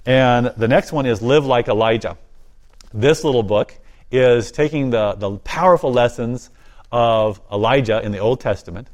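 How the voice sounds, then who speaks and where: An earnest man speaks as an interview guest, his voice sitting at an ordinary middle pitch. He talks with eager enthusiasm, often laughing lightly between his points. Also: normal speed. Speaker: guest, ministry volunteer and author. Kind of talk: interview conversation.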